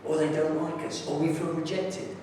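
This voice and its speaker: Captured from afar in a big echoing hall, this man preaches at a conference with warm, direct enthusiasm, sharing anecdotes about his neighbours. His voice is a little high with little pitch movement, at normal speed, and a faint hiss or hum is audible.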